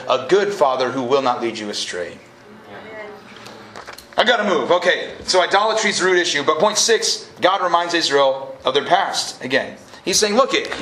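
A man preaching a lively, casual sermon to a college group, joking and then rising to emphatic peaks. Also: on the high side. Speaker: pastor. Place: college event hall. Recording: live room echo, faint noise.

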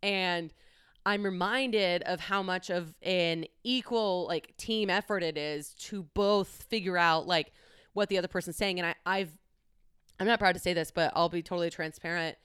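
Chatty young woman ranting candidly, crisp voice, dead dry room. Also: fairly low pitch, moderate pace, fairly bright tone, no room sound. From United States. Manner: candid, chatty, swears casually. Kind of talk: casual solo monologue.

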